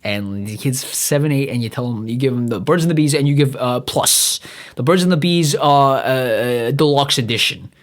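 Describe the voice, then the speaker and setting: A young man from New hosts a podcast on his own, his medium-pitched voice moving at a normal speed. He rants with plenty of swearing, rambling along and often stumbling and restarting his sentences.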